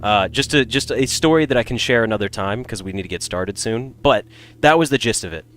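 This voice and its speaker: A man's voice: medium pitch, lively intonation, fairly quick, fairly bright tone. A young man streamer chatting casually and telling rambling stories, swearing and restarting sentences often. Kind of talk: casual live-stream chat.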